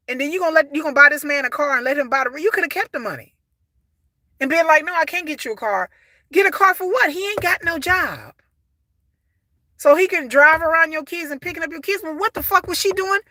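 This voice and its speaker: Blunt, high-voiced woman reviewer. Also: pushed and bright, dry recording, clean studio sound. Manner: blunt, exasperated, swears freely. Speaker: reality TV reviewer. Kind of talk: casual commentary.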